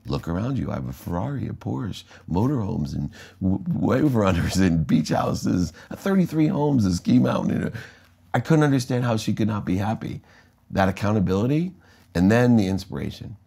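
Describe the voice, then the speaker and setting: A man's voice: on the low side, expressive, normal speed, creaky, mellow, husky. A middle-aged American man, a guest in an interview, telling his life story with energy and acting out the voices of people he quotes. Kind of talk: candid storytelling in conversation.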